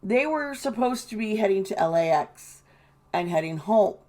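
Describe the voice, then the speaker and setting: A woman's voice: mid-range voice, lively intonation, moderate pace, mellow. A woman giving casual, indignant commentary, swearing and mocking the people she quotes. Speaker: tarot reader and commentator.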